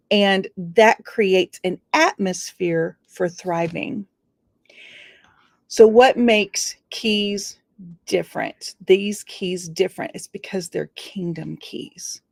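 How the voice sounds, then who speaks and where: A woman's voice: medium pitch, darkish tone, no echo, studio quality. A woman giving an earnest motivational talk on leadership, stressing key words and drawing them out. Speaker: leadership speaker. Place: studio.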